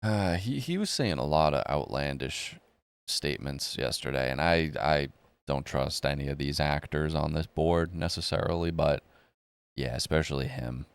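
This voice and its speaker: Host type: deep, gravelly man riffing loosely on markets, swears freely. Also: normal speed, dry recording. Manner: blunt, profane, rambling. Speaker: crypto and economy video host. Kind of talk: casual market commentary.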